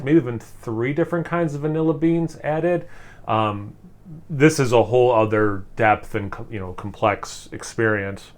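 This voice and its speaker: Guy reviewing a beer on camera, excited and rambly, lots of likes and ums, middle-pitched voice. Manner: enthusiastic, rambling with fillers and restarts; speaking while sipping and savoring. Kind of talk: casual tasting review.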